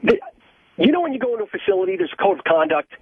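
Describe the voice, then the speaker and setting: Male caller, from Ohio, husky high voice, very lively pitch, agitated, tinny phone line. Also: very fast, no echo. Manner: agitated, profane storytelling. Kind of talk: phoned-in story.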